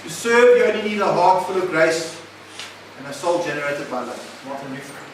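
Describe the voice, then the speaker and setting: Man preaching, high voice, echoey hall, far from the mic, emphatic, faint room noise. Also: lively intonation, brisk. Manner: emphatic, questioning the audience. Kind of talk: sermon. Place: recovery centre meeting room.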